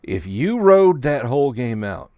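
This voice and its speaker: A man's voice: medium pitch, big pitch swings, measured pace, no echo, muffled recording. A man hosting a sports podcast, opening with an emphatic, dramatic monologue. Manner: emphatic, dramatic build-ups. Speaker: podcast host.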